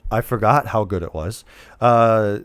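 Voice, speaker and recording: A man's voice: fairly low pitch, unhurried, fairly bright tone, smooth, no room sound. A man co-hosting a casual movie podcast, rambling and retelling scenes. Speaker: podcast co-host. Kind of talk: casual movie review chat.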